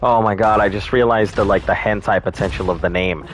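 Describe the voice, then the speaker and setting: A man's voice: on the low side, steady tone, brisk, a little hiss or hum. A man streaming a game live, chatting casually with viewers, joking and swearing freely. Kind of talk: casual live-stream chat while gaming.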